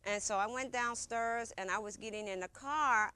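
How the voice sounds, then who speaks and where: A woman's voice: a little high, moderate pace, pushed and bright, smooth. A woman recounting a personal experience in casual, informal speech, often repeating herself and acting out what others said. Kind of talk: conversational personal storytelling.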